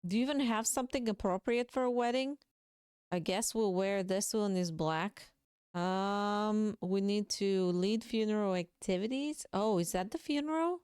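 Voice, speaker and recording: Woman, casual game commentator, smooth clear tone, dry close mic. Chatty, talks to viewers. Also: mid-range voice, darkish tone, no echo. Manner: chatty, emotional asides to viewers. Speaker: gaming video creator.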